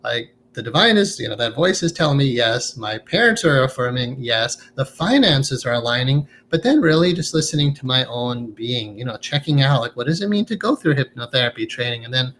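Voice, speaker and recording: Guy talking earnestly in an interview, mid pitch, little hiss behind, keeps asking right?. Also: animated, a little fast, hardly any pauses, a bit bright. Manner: earnest, reflective, often ends with "right?". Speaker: guest, hypnotherapist. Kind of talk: conversational interview.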